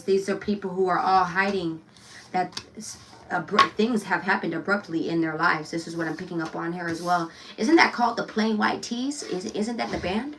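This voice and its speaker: A woman's voice: mid-range voice, distant mic. A woman gives a casual tarot reading in a loose, blunt, chatty way, cursing freely and laughing often. Her voice sits a little back from the mic, with a faint hiss of noise underneath. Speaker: tarot reader.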